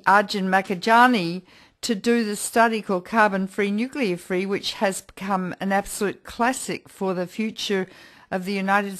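A woman's voice: medium pitch, fairly bright tone. Woman hosting a radio interview. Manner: articulate, formal introductions with occasional restarts. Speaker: radio show host. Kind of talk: hosted interview.

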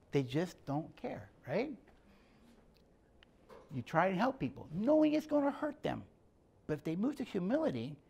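His voice is high-pitched, gravelly and slightly rough, though a little mellow. A middle-aged speaker on emotional health and leadership, he gives a conversational talk, telling stories plainly and acting out the lines.

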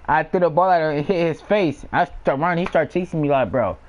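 A man's voice: on the high side, fairly quick, low-quality recording. A young man telling personal stories in a casual, slangy way, often laughing and acting out the sounds of what happened. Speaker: storyteller. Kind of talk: casual storytelling.

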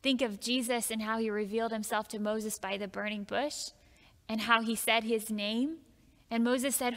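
A woman preaching a sermon in a church, reading scripture slowly and earnestly and then talking it through with the congregation. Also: on the high side, fairly even intonation. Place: church sanctuary. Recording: long hall reverb.

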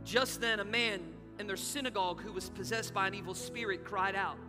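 A high-voiced man preaches from the pulpit, leaning hard on each line and rereading phrases for effect. His words ring through a reverberant church hall. Music plays clearly beneath him. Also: steady tone, a little fast. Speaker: pastor. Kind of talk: sermon. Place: church sanctuary.

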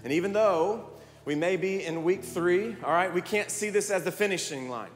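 A man preaching a sermon as pastor, energetic and rallying his congregation with repeated calls to respond. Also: high-pitched, moderate pace. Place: large church hall. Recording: long hall reverb, music behind.

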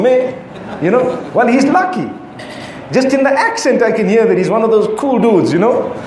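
A man's voice: extremely high pitch, darkish tone, slight background noise. A middle-aged man giving a sermon as an Islamic preacher, emphatic and full of rhetorical questions. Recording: echoey hall with faint ambience.

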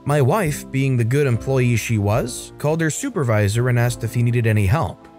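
Male narrator, mid pitch, scripted story reads, faint music bed. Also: expressive, normal speed, darkish tone. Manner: reads stories aloud with brief commentary.

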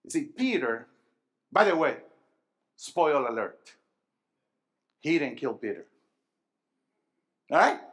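A man with a high voice preaches to a youth gathering, taking his time over each phrase. He keeps asking the congregation questions and waits for them to answer. His delivery drops low and quiet, then rises to loud, emphatic bursts. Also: sing-song, slow pace, pauses often. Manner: call-and-response, asking the crowd questions. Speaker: pastor. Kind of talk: sermon to a youth rally.

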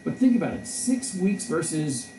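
Mellow-voiced male professor in a roomy echo. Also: high voice, big pitch swings, normal speed, distant mic, a little hiss or hum. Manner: discursive, storytelling, frequent restarts. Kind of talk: conversational lecture. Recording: roomy echo, voice a bit off-mic.

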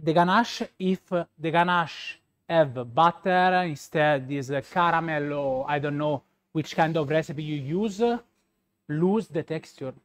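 Roman Italian pastry chef, native Italian speaker, slow and fumbling in English, slightly raised pitch. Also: male voice, fairly bright tone. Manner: slow, halting, many fillers. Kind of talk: live product demo.

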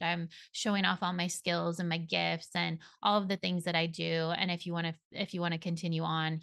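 A woman guest on a podcast, talking about her spiritual coaching in a gentle, soothing, giggly way. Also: lowish voice, gravelly, smooth, no echo. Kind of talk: casual interview chat.

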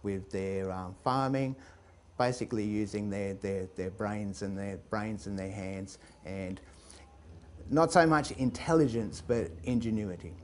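A man telling a comic tale, lively and chuckling, building to loud climaxes. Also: lowish voice, measured pace. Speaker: storyteller. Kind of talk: comic oral storytelling.

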